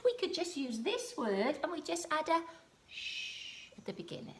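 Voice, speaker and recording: A Welsh-accented woman teaches a home-learning phonics lesson as a primary school teacher, sounding out letters slowly and encouragingly. Her voice sits high, swings widely in pitch, and comes across pushed and bright.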